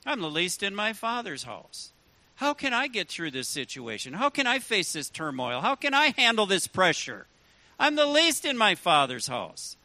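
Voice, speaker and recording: A man's voice: high voice, wildly swooping pitch, normal speed, pushed and bright, no echo, heavily acted. A man voicing Gideon, a defeated young farmer who pleads with God in a string of self-doubting questions. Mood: pleading.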